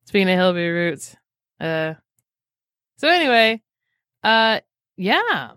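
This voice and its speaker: A woman co-hosting a podcast, telling a story with animated, crude jokes. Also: mid-range voice, slow, smooth, no room sound, studio quality. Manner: animated, joking, crude humor. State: injured shoulder. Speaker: podcast co-host. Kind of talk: casual chat.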